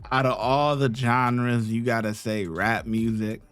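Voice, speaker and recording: A man's voice: medium pitch, steady tone, unhurried, a bit bright, faint music behind. A man hosting a reaction video, joking and laid-back, talking in slang. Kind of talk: casual reaction commentary.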